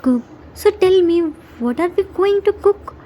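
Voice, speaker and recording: A woman plays a pouty, babyish young man in a storybook reading, whining and pleading in a cutesy baby voice. The tone sits very high yet mellow, with a faint hiss behind it. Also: a little slow.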